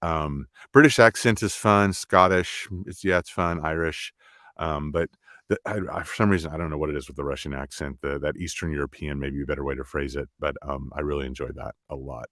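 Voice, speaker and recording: A middle-aged man from the American South, an audiobook narrator chatting in an interview in a halting way with many restarts. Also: extremely low pitch, fairly even intonation, fairly bright tone, no echo, studio quality. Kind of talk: casual interview chat.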